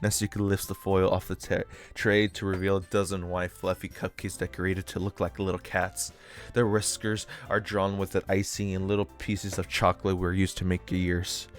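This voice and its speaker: Joking low-voiced man streamer. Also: level tone, moderate pace, no room sound, faint music behind. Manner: joking, swearing, laughing asides. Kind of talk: reading a visual novel aloud.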